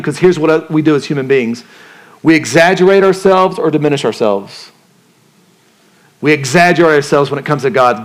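Man, pastor, sermon, conversational preaching, direct questions to the crowd, fairly high voice. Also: lively intonation, fairly quick.

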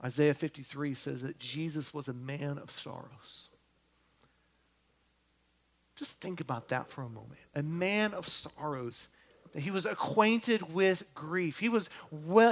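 A man preaching a sermon, talking earnestly and straight to his congregation, often asking them questions, his voice sinking to a hush on tender lines and lifting again on words of hope. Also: fairly high pitch. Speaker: pastor.

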